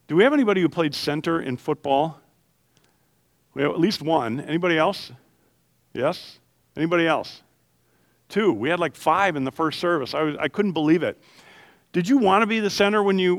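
A male pastor delivers a sermon with a somewhat high voice and a lively, animated manner. He keeps asking the congregation questions. The sound is dry and close. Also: no room sound.

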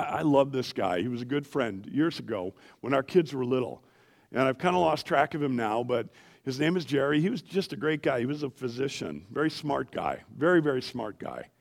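A middle-aged man preaching a sermon in a church, animated and asking the congregation questions as he goes. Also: medium pitch, vocal fry. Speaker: pastor.

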